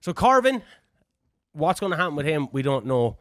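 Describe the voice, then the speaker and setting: An Irish man co-hosting a wrestling podcast in casual chat, teasing his co-hosts with quick interjections. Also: fairly high pitch, no echo, clean studio sound. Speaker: podcast co-host.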